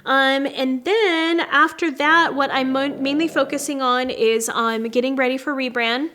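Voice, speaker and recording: A woman in her late thirties talks in a slightly high voice, chatty and heartfelt, giving viewers a casual personal update. She calls her audience "you guys" and speaks openly, like a friend catching up. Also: steady tone, measured pace, pushed and bright. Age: 30s. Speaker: beauty vlogger and brand owner.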